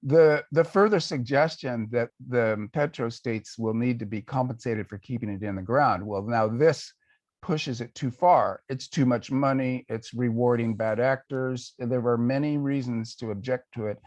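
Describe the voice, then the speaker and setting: A man's voice: medium pitch, a little mellow, no echo. Thoughtful older man, dry sound. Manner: thoughtful, measured, with pauses and fillers. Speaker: guest author. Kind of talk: conversational answers in a panel talk.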